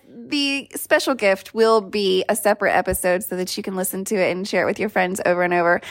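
A woman's voice: medium pitch, creaky. A woman in her forties hosting a podcast, chatting casually with a giggly, rambling manner. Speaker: podcast host. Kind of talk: casual chat.

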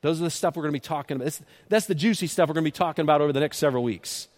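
A man preaching a sermon as pastor, impassioned, swinging from loud peaks to soft, low appeals, often repeating and restarting words. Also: very fast.

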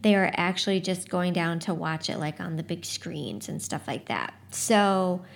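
A woman's voice: lowish voice, a little slow, vocal fry. A woman giving a casual book talk, summing up a story in a chatty way and then reading a passage aloud with expression. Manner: chatty, relaxed, frequent "like" quotes; expressive first-person reading.

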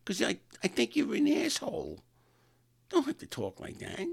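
Man putting on a high-pitched young woman, blunt, annoyed, gravelly edge. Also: wildly swooping pitch, normal speed, heavily acted. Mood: irritated. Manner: blunt, speaking in an imitated lisp.

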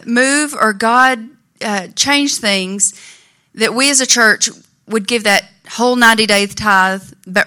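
Middle aged woman giving her testimony at church, earnest and heartfelt, higher voice, really bright tone. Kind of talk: personal testimony before a congregation. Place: church sanctuary.

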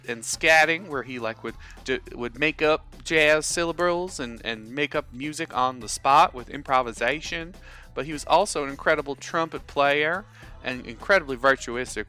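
Band teacher guy hamming up a southern accent at his kitchen table, chatty, smooth tone. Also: fairly high pitch, bright, forceful tone. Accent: put-on American Southern. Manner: rambling, chatty, folksy. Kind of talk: casual video lesson. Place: at a table at home.

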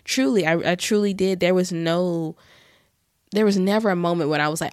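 A woman's voice: fairly low pitch, fairly quick, no room sound, studio quality. A young adult woman hosting a podcast, talking to listeners about faith in an earnest, heartfelt way, with restarts and asides. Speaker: podcast host. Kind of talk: casual faith talk to listeners.

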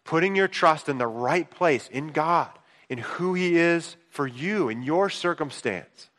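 A man preaching in a church, his tone bright and forceful, set a little high for a man. He talks casually, telling stories, with quiet asides that burst into excited peaks. The long reverb of a big sanctuary hangs on every phrase. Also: a little slow. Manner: conversational storytelling, swings between hushed asides and excited outbursts. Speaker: pastor. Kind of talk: sermon. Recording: long reverb of a large hall.

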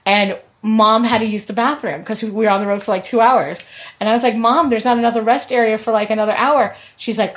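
A woman's voice: on the high side, steady tone, brisk. Laughing woman telling road trip stories. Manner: laughing storyteller. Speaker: podcast guest. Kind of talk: casual chat.

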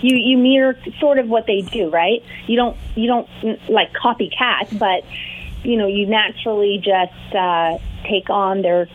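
A woman's voice: mid-range voice, measured pace. Bubbly Southern Californian woman on phone. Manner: bubbly, laughs often. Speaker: realtor and guest. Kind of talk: casual chat over the phone. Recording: tinny phone line.

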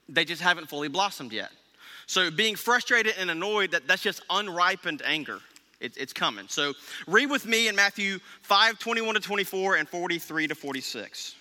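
A man's voice: high voice, sharp tone, long reverb tail. A male pastor preaching a conversational sermon, often checking in with the congregation with "okay?" and "right?".

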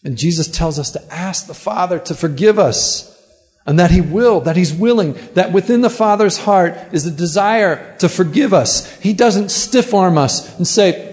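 Earnest pastor preaching in a reverberant hall. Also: male voice, high voice, lively intonation, measured pace, darkish tone. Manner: earnest, repeats words when starting a thought. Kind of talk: sermon.

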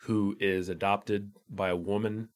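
Low-voiced laid-back podcast host. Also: male voice, unhurried. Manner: relaxed, trailing off, laughs often. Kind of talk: casual chat.

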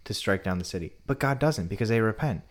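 Low-voiced man retelling a story. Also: fast. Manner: relaxed retelling, often drops to a quieter tone. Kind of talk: casual storytelling.

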